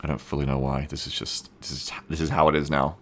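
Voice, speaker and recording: A man's voice: rumbling low, quick pace. A man live-streaming while he codes a game mod. He chats casually, reads viewer comments aloud, swears freely and pokes fun at himself. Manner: relaxed, self-mocking, swears casually, reads chat aloud.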